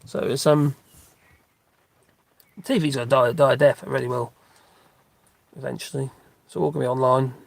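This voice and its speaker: A man's voice: mid-range voice, fairly even intonation, moderate pace, vocal fry, pauses often, no room sound. A middle-aged man, chatting in a rambling, casual way during a live stream while out walking his dogs, with lots of fillers and restarts. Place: outdoors on a dog walk.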